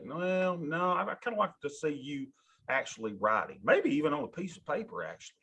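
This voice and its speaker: A man lecturing a college class, animated and folksy, talking straight to his students in a classroom. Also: on the high side, a little fast, a little hiss or hum. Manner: animated, talks to students directly, folksy asides. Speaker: college instructor.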